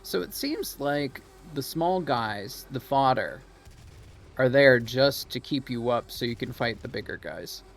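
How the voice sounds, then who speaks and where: A male streamer giving casual gameplay commentary in a gravelly voice. He talks slowly but with a lively, swinging pitch, laughing often and swearing casually. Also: a little hiss or hum.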